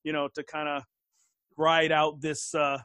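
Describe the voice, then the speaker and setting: A man co-hosts a casual podcast in a slightly high voice, halting often with "uh" and "you know". The recording is dry and close, with no room sound. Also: monotone, bright, forceful tone, clean tone, dry recording. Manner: hesitant, heavy with fillers like uh and you know. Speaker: podcast co-host.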